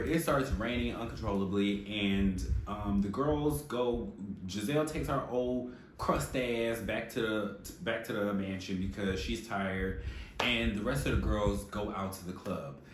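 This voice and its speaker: A man's voice: lowish voice, a little slow. A man giving a casual, opinionated TV recap, sassy and profane, full of slang. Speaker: reality TV recap host. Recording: echoey room with faint noise.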